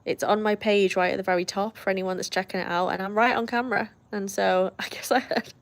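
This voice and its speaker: A British woman hosts a livestream, chatting casually, reading out viewer comments, laughing often and tossing in friendly asides. Her voice sits at medium pitch with fairly even intonation, and she talks a little fast on a dry recording.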